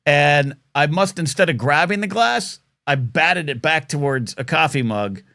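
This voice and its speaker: A man's voice: fairly high pitch, animated, a little slow, creaky, bright, forceful tone, dry recording, studio quality. A man in his fifties hosting a live talk show, rambling and jokey with bursts of mock outrage. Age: 50s.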